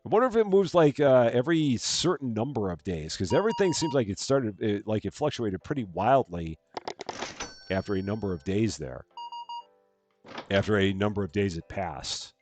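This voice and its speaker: A man's voice: on the low side, expressive, moderate pace, a little mellow, faint music behind. A man streaming a game live, chatting through his moves and thanking viewers as he plays. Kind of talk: live gameplay commentary.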